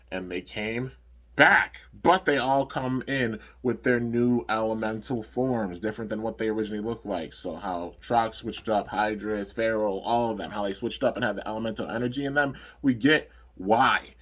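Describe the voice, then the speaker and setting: A man's voice: lowish voice, fairly bright tone, husky. A man casually recapping cartoon episodes in a rambling review. He uses lots of fillers and stops to correct himself.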